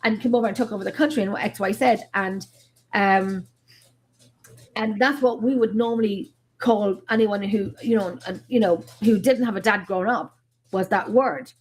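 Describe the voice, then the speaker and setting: An Irish woman hosting a paranormal live stream, telling stories in a rambling, animated, casual way. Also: mid-range voice, normal speed. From Ireland.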